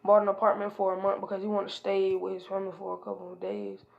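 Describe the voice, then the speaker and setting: Brief: casual storyteller, woman, gravelly fry, rambling and hesitant. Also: mid-range voice, completely flat delivery, quick pace, highs cut off. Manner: rambling, strings events with "and then he was like"; frequent hesitation fillers. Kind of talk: casual improvised fan-fiction retelling.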